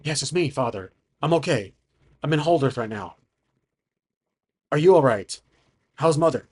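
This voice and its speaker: A man's voice: a little high, lively intonation, normal speed, husky. A man voicing an earnest young son who reassures his father in a solo tabletop game.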